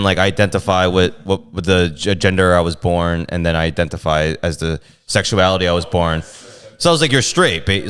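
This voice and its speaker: A man's voice: sits low, clear, resonant tone. A man, a comedian, telling stories in a casual podcast chat and acting out quotes in exaggerated voices. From New York. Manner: animated storytelling, acts out quotes in exaggerated voices. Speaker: comedian guest.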